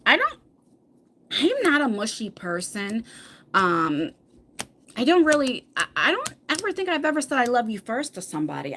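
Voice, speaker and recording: A woman's voice: medium pitch, a bit bright, slight background noise. A middle-aged woman hosting a casual livestream chat, reading viewer comments, laughing often and stumbling over words.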